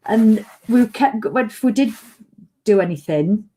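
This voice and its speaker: Hiccuping throughout, this middle-aged woman chats on a live fitness vlog, rambling, teasing herself and slipping into sung jingles. She speaks unhurriedly in a medium-pitched, dark-toned voice with lively intonation.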